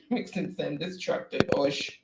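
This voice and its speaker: A man's voice: fairly high pitch, measured pace, gravelly, in a whisper. A man co-hosting a trivia live stream, reading viewer comments aloud with lots of laughter and teasing. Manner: laughs often, animated and teasing. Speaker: co-host of an online trivia stream. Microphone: home desk mic. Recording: roomy echo.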